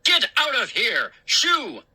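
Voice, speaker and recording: A woman voicing a grumpy male neighbor who shouts and scolds in a storybook reading. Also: fairly high pitch, wildly swooping pitch, slow pace, breathy edge, voice pushed up, full character voice. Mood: furious. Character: grumpy middle-aged male neighbor, fussy gardener.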